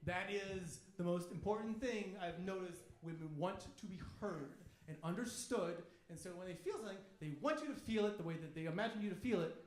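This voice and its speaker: A man's voice: high voice, a little fast, few pauses. A man doing a stand-up comedy set in a club, brash and swearing, acting out the voices he quotes. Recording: echoey club room with audience laughter. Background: audience laughing.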